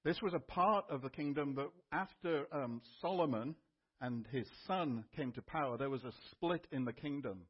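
A man's voice: medium pitch, husky, muffled recording. A male pastor giving a sermon in a conversational teaching manner.

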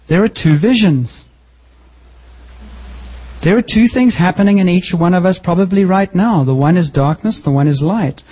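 Man, pastor, sermon, husky, slightly high voice, lively joking delivery, dull lo-fi recording. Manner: lively, joking preaching with sudden pitch jumps.

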